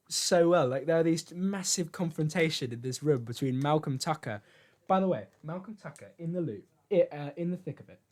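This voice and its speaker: A man hosting a casual podcast chat, rambling and animated, laughing often as he talks. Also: on the high side. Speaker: podcast host.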